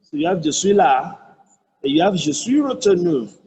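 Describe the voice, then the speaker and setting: In this online lesson, a language tutor with a Nigerian accent teaches French, going slowly and repeating each phrase as he patiently explains it. His voice sits high and sounds animated, a little mellow, with a breathy edge, though the recording is rough.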